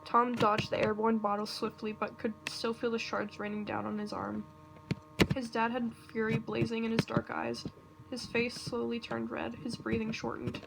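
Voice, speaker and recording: A woman reading a fan story aloud in a nervous, halting way, breaking off now and then. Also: a little high, completely flat delivery, vocal fry. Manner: nervous, self-interrupting reading with asides. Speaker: reader. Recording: noisy home recording with computer clicks.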